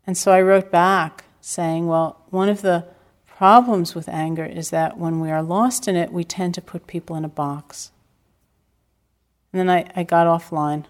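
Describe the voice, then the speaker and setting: An older woman teaching meditation in a calm, reflective dharma talk, telling stories with gentle self-deprecating humor. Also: fairly low pitch, a little slow. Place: retreat center hall.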